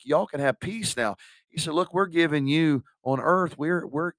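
A man's voice: medium pitch, no room sound. A middle-aged man, a pastor preaching a sermon in a conversational way, asking the congregation questions.

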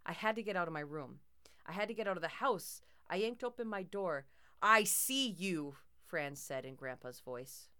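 A woman's voice: lowish voice, animated, moderate pace. A woman narrating a first-person horror story in a tense, dramatic way.

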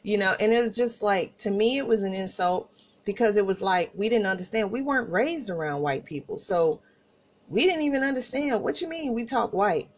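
Animated woman with an Oklahoma country accent. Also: medium pitch, fairly quick. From Tulsa, Oklahoma. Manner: animated, laughing asides, addresses listeners as y'all. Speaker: podcast host. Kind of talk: casual personal storytelling.

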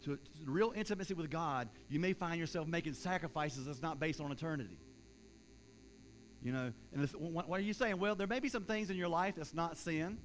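A man preaching a sermon as pastor in a church, rising loud in acted-out prayers and dropping soft for an altar call and prayer. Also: fairly high pitch, a little fast, slight background noise, low-quality recording. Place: church sanctuary.

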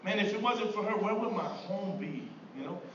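A man's voice: sits high, animated, moderate pace, fairly bright tone, highs cut off. A middle-aged man preaching a sermon to his church in a conversational way, often repeating words and asking "right?". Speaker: pastor. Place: church sanctuary. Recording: distant echoey room mic with background noise.

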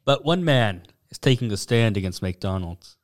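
A man's voice: lowish voice, lively intonation, normal speed. Easygoing man telling news on a podcast. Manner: easygoing storyteller, laughs often. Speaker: podcast host presenting news stories. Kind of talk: casual comedic chat.

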